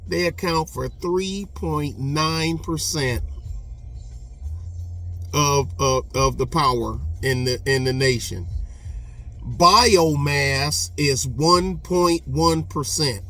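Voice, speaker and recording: A man's voice: a little high, slow pace, fairly bright tone, soft background music. A middle-aged man giving rambling, folksy casual commentary, often drifting off on tangents. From Texas. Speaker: channel host.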